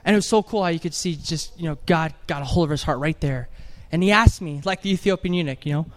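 A man preaching an animated sermon in church, telling a story with jokes and acted-out voices. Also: on the high side, fast talker. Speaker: evangelist preacher.

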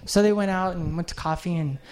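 A man's voice: high voice, fairly even intonation, a little fast, a little mellow, slight background noise. A middle-aged man preaching a sermon, telling a heartfelt story in an earnest way and closing in prayer.

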